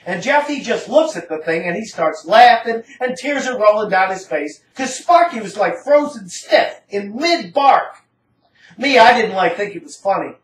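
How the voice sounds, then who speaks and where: A woman's voice: mid-range voice, animated, normal speed. A woman giving a dramatic first-person story reading in a rambling, casual, slangy manner. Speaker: narrator. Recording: roomy, distant from the mic.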